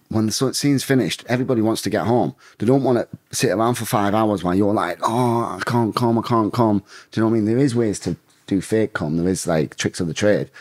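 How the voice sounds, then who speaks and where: Deep, husky man. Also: a little mellow, no echo, clean studio sound. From England. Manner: blunt, swears a lot, rambling. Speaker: guest, bare-knuckle fighter. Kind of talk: casual storytelling.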